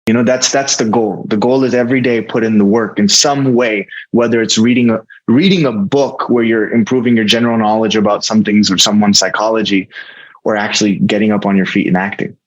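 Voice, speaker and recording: A guest actor, American-accented, reflects earnestly during a casual interview, frequently backing up to restart a sentence. His lowish voice has fairly even intonation and moves a little fast. The top end of the audio is cut off.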